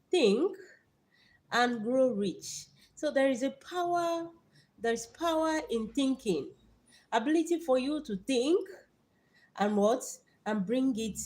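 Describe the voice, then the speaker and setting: Young Nigerian woman, Nigerian accent, fairly high voice, lively livestream host who preaches and repeats words. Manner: lively, repeats words, greets viewers by name. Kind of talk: live stream motivational talk with Bible verses.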